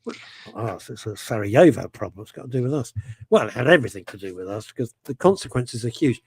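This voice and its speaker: Man, radio show host, passionate and emphatic, very lively pitch, dry close sound. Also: quick pace, vocal fry, slightly rough, dry recording. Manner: passionate, emphatic opinions with repetitions. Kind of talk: casual talk radio chat.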